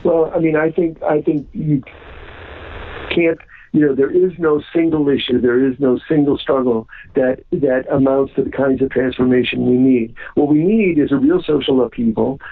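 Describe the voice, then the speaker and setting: A man's voice: medium pitch, steady tone, moderate pace. A man being interviewed on the radio, talking earnestly with many ums and restarts. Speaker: guest. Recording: phone-line call-in sound.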